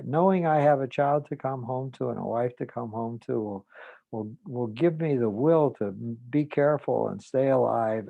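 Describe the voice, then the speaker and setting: An older man, a psychologist hosting his own show, telling a family story in a halting way, full of fillers and restarts, and quoting people in a softer, lower voice. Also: gravelly, no echo. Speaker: psychologist host. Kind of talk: reflective storytelling monologue.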